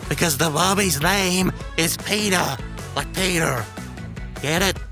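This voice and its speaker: A woman's voice: lowish voice, unhurried, over music. A woman co-hosting a podcast, improvising a comedy sketch in a rambling, flustered way. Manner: rambling, flustered comic delivery. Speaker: podcast co-host.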